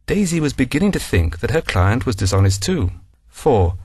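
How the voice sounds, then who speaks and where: A man's voice: medium pitch, very animated, moderate pace, a little mellow, husky, no echo. A man narrating a scripted story and announcing numbered sections. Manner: reads numbered sections aloud.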